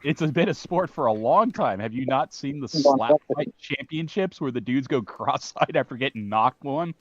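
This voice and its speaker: A man's voice: medium pitch, animated, moderate pace, no room sound. Teasing jokester man, dull audio. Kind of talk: casual comedic podcast banter.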